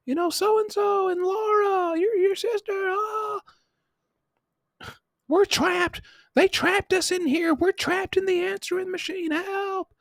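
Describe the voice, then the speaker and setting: A man voicing teenage girls who fake panic, shouting frantic pleas for help in a shrill voice. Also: fairly even intonation, slow, gravelly, dry recording, exaggerated voice.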